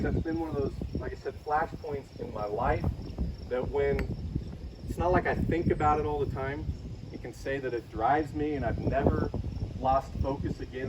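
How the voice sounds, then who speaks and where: A middle-aged man preaching a sermon, telling a personal story in a conversational way. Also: medium pitch. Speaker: pastor. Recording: distant mic, loud outdoor noise with insects.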